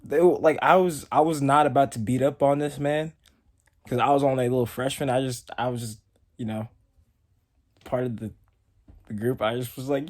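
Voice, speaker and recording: A man's voice: mid-range voice, fairly even intonation, moderate pace, pauses often, a little mellow. Rambling young man telling a story. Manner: rambling, heavy use of "like". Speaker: storytime vlogger. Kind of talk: casual storytelling.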